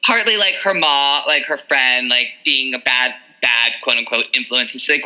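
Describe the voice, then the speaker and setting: A young woman co-hosting a podcast in casual chat, animated and quick to laugh, full of filler words. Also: extremely low pitch, poor audio. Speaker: podcast co-host.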